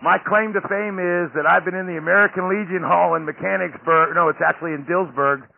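A man's voice: high-pitched, fairly even intonation, brisk, vocal fry. A man hosting a podcast interview, chatting casually and rambling with lots of fillers and restarts. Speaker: podcast host. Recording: tinny phone-line audio with faint noise.

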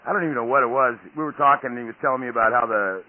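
A man's voice: mid-range voice, rapid-fire. A man hosting a podcast interview, chatting casually and rambling with lots of fillers and restarts. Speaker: podcast host. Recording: tinny phone-line audio with faint noise.

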